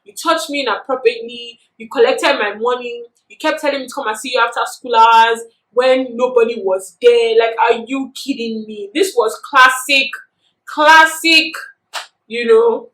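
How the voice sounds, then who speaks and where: A young woman with a Nigerian accent telling a story in a chatty, animated vlog, filling her talk with "you know". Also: on the high side, normal speed. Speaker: vlogger. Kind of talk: casual storytelling. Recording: echoey room.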